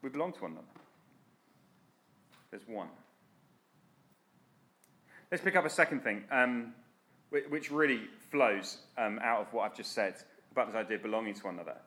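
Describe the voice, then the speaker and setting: A man's voice: lowish voice, animated, normal speed, long pauses, sharp tone. Earnest preacher man. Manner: earnest, direct, exhorting. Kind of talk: sermon.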